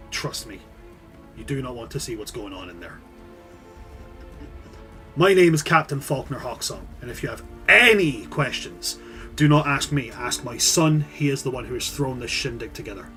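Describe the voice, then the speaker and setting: A man doing a booming crude pirate captain. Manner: crude, loud, swaggering.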